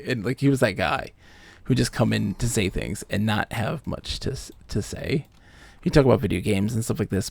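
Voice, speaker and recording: Streamer, man, late 30s, gravelly edge, mid-pitched, animated storyteller who swears casually. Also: dry recording. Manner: animated, acts out quoted people, swears casually. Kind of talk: casual storytelling while gaming. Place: home streaming setup.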